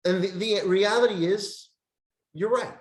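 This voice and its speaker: A man teaching a lesson on Jewish meditation, speaking in short emphatic phrases with pauses and reading from a handout. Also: high-pitched. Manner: reads from a text handout. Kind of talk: classroom lesson with storytelling. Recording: roomy echo.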